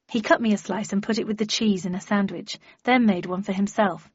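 A woman's voice: mid-range voice, steady tone, fairly quick, few pauses, slightly rough, no room sound. A woman reading a first-person novel aloud in a dry, wry storytelling manner. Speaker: audiobook narrator. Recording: dull lo-fi dry recording.

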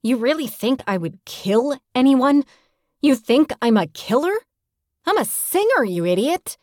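A woman's voice: on the low side, animated, unhurried, a little mellow, dry recording, studio quality. A woman narrator voicing a brash, fiery young woman singer who talks bluntly and teasingly. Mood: indignant. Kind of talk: audiobook character voice.

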